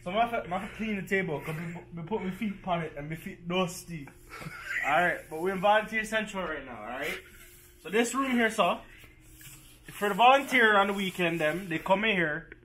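A man's voice: high voice, animated, a little fast, pushed and bright, slight background noise. A man giving a playful tour of a church volunteer room, hamming it up in an exaggerated put-on accent with broken grammar, recorded indoors on a handheld pocket camera. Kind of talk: joking casual tour. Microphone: handheld pocket camera mic.

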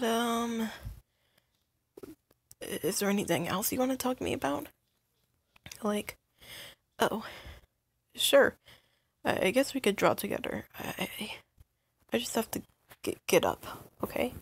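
Brief: shy, timid undead kid, voiced by a young woman, slow, stuttering, gravelly edge. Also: medium pitch, full character voice. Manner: stuttering, hesitant, soft-spoken. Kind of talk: POV role-play addressed to the listener.

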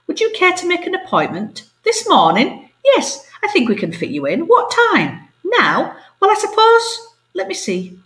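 A woman voicing a fussy male cockatoo assistant with a shrill squawk. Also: wildly swooping pitch, moderate pace, few pauses, fairly bright tone, roomy sound, full character voice.

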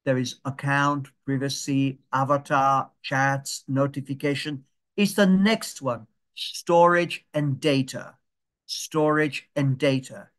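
A man giving a patient, step-by-step digital skills lesson over a video call, repeating steps slowly and checking that people can follow. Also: medium pitch, steady tone, a bit bright.

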